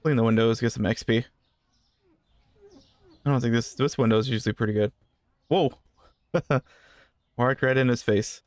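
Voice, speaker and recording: A man's voice: mid-range voice, steady tone, normal speed, long pauses, no room sound. A man giving casual gameplay commentary, rambling through asides and joking with the customers in the game. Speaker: gaming channel host.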